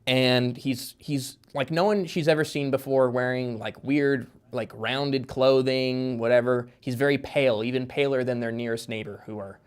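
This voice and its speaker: A man's voice: medium pitch, steady tone, moderate pace, hardly any pauses, smooth. Rambling man explaining with many fillers. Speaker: guest author. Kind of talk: casual podcast chat.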